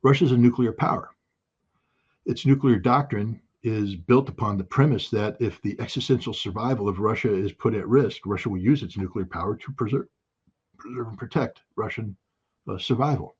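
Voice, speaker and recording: Man ranting emphatically, keeps repeating his point, raspy voice, muffled lo-fi sound. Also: lowish voice, normal speed. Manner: emphatic and forceful, repeats key phrases. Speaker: political commentator. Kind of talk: impassioned spoken commentary.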